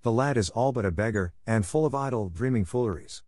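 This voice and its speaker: A man's voice: medium pitch, fairly quick, a little mellow, no room sound, clean studio sound, lightly acted. A man reading the lines of a stern, suspicious village miller in a storybook.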